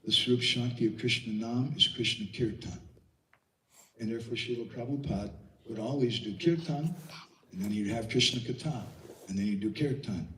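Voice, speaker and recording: A man's voice: medium pitch, normal speed, a bit bright, roomy sound, recorded from a distance, a little hiss or hum, poor audio. A man giving a devotional lecture, telling stories with quoted voices and asking rhetorical questions. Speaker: Vaishnava speaker giving a class.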